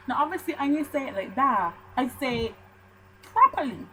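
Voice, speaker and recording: Animated Barbadian woman ranting to camera. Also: high voice, normal speed, slight background noise, rough recording. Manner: animated storytelling, ranting with mock outrage. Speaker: vlogger. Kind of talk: casual chat to camera.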